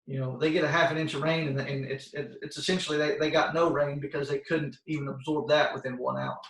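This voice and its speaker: A man with a slightly high voice gives a plain-spoken, folksy lesson to kids, often pausing on fillers and restarting his sentences. He sounds set back from his microphone on a video call. The room around him echoes. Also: level tone, fairly bright tone. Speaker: soil health expert presenting to schoolchildren. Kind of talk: informal educational talk. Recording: roomy sound, voice far from the mic.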